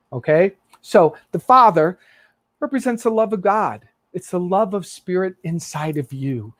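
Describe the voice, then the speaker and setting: A man preaching as a minister, telling a story in an earnest, expressive way. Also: on the high side, dry recording. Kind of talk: sermon storytelling.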